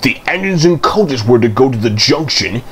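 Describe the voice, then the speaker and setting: Speaking at normal speed with a medium-pitched voice, a man reads aloud from a children's storybook, telling the story expressively.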